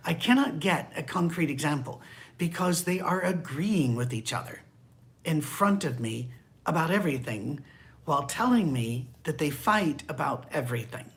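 A man's voice: on the high side, lively intonation, normal speed. Candid, wry older male preacher. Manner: candid and wry, with hushed asides. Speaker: pastor. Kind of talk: conversational sermon.

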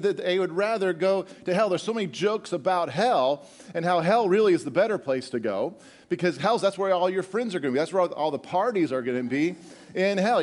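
A middle-aged man preaching a sermon, animated and joking with the congregation, often repeating words as he goes. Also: sits high. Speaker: pastor.

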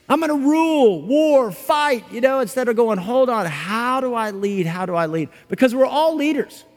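A man with a notably high voice preaches in a loose, conversational way, slipping into little acted-out quotes. His sermon rings with the long reverb of a big hall. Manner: conversational and animated, acting out quotes. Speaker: pastor.

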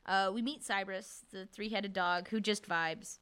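Young woman cohost chatting about a book, laughs a lot, does little voices, super clear bright tone. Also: mid-range voice, fairly even intonation. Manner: laughing, acts out lines in quick voices. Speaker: podcast co-host. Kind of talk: casual book discussion.

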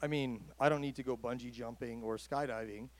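A man's voice: mid-range voice, fairly even intonation, a little fast. A man preaching a sermon as a pastor, talking in a conversational way that rises to emphatic calls.

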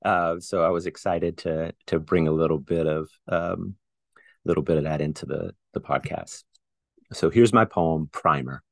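A man's voice: sits low, moderate pace, vocal fry, dry recording, clean studio sound. A man with a Southern US accent, a poet talking in a remote podcast interview, chatty, with many fillers and restarts. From born in New Orleans, raised in Houston. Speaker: poet guest. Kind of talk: podcast conversation and poetry reading. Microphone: remote call recording.

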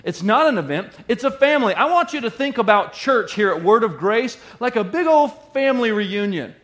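Middle aged pastor guy, high voice, joking around n repeating himself while he preaches. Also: big pitch swings, a little fast, a bit bright. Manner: playful, repeats lines for emphasis. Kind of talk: sermon.

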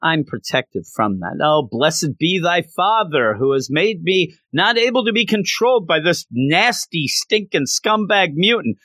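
Man doing arrogant sneering bigot, gloating, mocking, lively pitch, dry sound. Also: measured pace, hardly any pauses, dry recording, full character voice.

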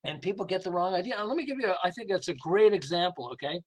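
A man's voice: sits high, fast, rough recording. An older man, a guest being interviewed as a sales and behavior coach, telling stories animatedly and acting out voices. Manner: animated, acts out quoted voices, laughs often. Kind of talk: lively interview storytelling.

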